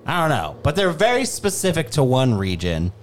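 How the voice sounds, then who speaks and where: A man with a New England accent co-hosting a podcast, talking casually with lots of profanity and animated, joking rants. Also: fairly high pitch, normal speed, slight background noise. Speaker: podcast co-host.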